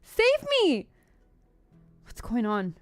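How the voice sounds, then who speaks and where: A woman's voice: very high voice, sing-song, moderate pace, dry recording, soft background music. A woman voicing a panicked young woman thief who begs frantically for mercy. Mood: pleading. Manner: pleading, frantic.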